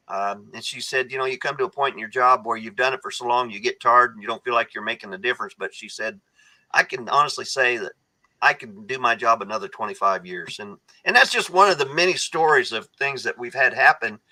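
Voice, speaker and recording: A man's voice: mid-range voice, bright, forceful tone, low-quality recording. A man speaking as a guest on a podcast, an earnest storyteller who often restarts his sentences. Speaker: guest, foundation founder. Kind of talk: casual podcast conversation.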